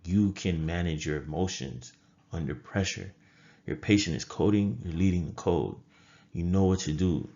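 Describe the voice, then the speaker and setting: A man's voice: low voice, normal speed, mellow, lo-fi sound. A man who is a nurse and trading coach gives a motivational talk to camera. He is emphatic and repeats phrases for effect.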